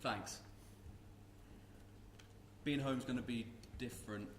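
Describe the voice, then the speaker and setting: A man acting a quiet, subdued young soldier home from war with a wounded leg, in a live stage play. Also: mid-range voice, fairly even intonation, takes it slowly, a little hiss or hum, natural voice. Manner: subdued, quiet, trying to help. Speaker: stage actor. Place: theatre stage. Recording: echoey theatre stage with audience.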